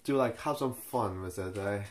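Halting young man rambling about a show. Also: lowish voice. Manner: halting, many fillers and restarts. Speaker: video reviewer. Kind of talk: casual unscripted commentary.

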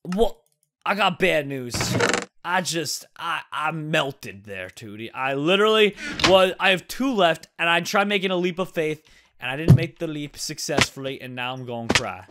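An excitable young man talks through a game in a high, lively voice that leaps all over the place. He yelps and shouts when danger hits, on a home mic with clear noise behind him. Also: normal speed. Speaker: gaming YouTuber. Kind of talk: excited gaming commentary.

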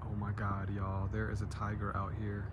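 A man's voice: on the low side, monotone, moderate pace, lo-fi sound, background noise. A man hosting a casual walking vlog outdoors in a neighborhood, talking affectionately to cats. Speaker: vlog host.

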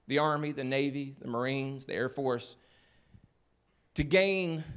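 A man with a notably high voice delivers a church sermon. He preaches earnestly, leaning on repeated refrains to build his point. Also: fairly bright tone. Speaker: pastor. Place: church sanctuary.

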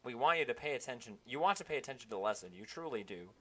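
A young man streaming a video game, reading its text aloud in an animated, jokey way. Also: mid-range voice, rapid-fire.

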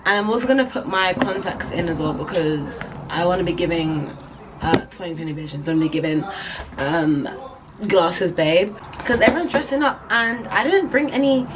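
A woman's voice: lowish voice, background noise. A young woman with a British accent, chatting upbeat to her viewers in a casual vlog. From England. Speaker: vlogger.

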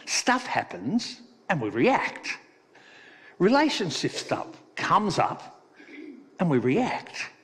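A man preaching a sermon as pastor, talking in a relaxed, conversational way and telling a playful joke. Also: high-pitched, slow. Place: church hall. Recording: long reverb of a church hall.

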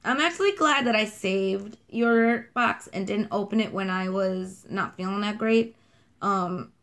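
A woman's voice: mid-range voice, a bit bright. A chatty woman with a New York accent, rambling and gushing as she unboxes and sniffs scented wax in a casual vlog. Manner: bubbly, rambling, self-described kooky; gushing over scents and colors. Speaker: vlogger unboxing wax melts.

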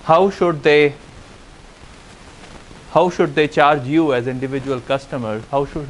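A man giving a university lecture, explaining step by step with frequent "uh" and "okay" pauses. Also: medium pitch, slight background noise, poor audio. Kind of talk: classroom lecture on game theory.

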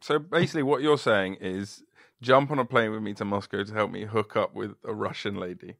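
A man's voice: on the low side, a little fast, creaky, a bit bright, no echo, studio quality. A man hosting a podcast in casual chat, rambling and joking as he searches for words. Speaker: podcast host.

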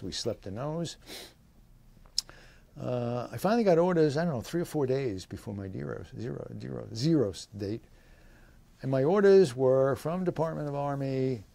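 An veteran in his eighties looks back on his service in an oral history interview, rambling along with fillers and short laughs. His medium-pitched voice is gravelly and mellow, and he gives quoted people livelier tones. The recording is dry.

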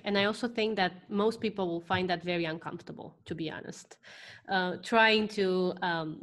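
A woman hosting a podcast interview, asking measured, supportive questions. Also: lowish voice. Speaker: podcast host.

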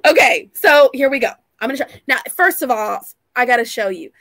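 Excitable high-pitched woman vlogger. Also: a little fast, dry recording. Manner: excitable, gushing, laughs often. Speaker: vlog host. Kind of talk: casual chat on a live vlog.

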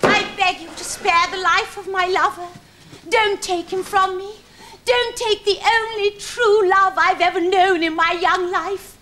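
A woman's voice: very high-pitched, fairly even intonation, unhurried. A young actress playing a woman who theatrically begs for her lover's life, declaiming every line. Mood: pleading. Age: young adult. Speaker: guest actress in a sketch. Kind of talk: hammy melodramatic stage pleading. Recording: 1970s TV studio, audience laughter, noisy.

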